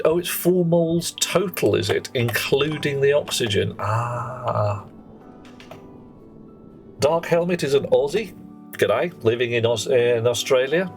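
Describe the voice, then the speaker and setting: A man, chatting jokily on a live game stream and reading viewer names aloud. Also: mid-range voice. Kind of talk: live gameplay stream chat.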